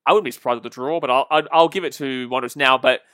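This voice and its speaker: A young man casually commenting on a football match live and answering viewer comments, chatty and quick to laugh. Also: medium pitch, fairly bright tone, no echo, studio quality. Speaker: livestream football watch-along host.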